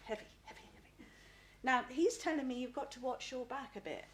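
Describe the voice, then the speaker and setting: A middle-aged woman acting as a psychic medium gives a live spirit reading. She speaks haltingly, repeats words and keeps asking "please?", and her voice sits high.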